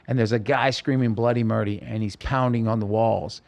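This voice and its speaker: A man's voice: fairly low pitch, steady tone, a little fast, creaky, darkish tone, lo-fi sound. Man intensely retelling a harrowing story. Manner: vivid, intense storytelling with quoted dialogue. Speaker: podcast guest. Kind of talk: personal story told in an interview.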